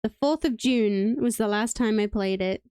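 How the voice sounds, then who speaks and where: A woman's voice: medium pitch, normal speed, dark tone, clean tone, no room sound, studio quality. A woman from Wales with a British accent, chatting playfully and rambling through live gameplay commentary as a streamer. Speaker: game streamer.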